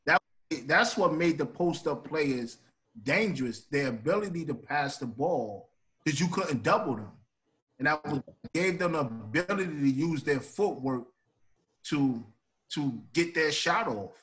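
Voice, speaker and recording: A man's voice: on the high side, lively intonation, unhurried, a bit bright. A man, a coach guesting on a sports podcast, explaining his views at length with many restarts. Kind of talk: casual sports debate.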